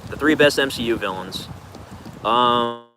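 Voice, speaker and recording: Male streamer, mid-range voice, relaxed and rambling Q&A delivery, noisy recording. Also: medium pitch, a little slow. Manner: rambling, laid-back, loose filler words. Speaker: streamer answering viewer questions. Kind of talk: casual livestream Q&A.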